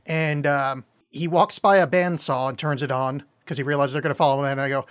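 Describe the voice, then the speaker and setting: A man in casual podcast chat with a slightly higher-pitched voice. He talks with excitement and swears freely as he reacts to a film. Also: fairly quick, clear, resonant tone. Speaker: podcast co-host.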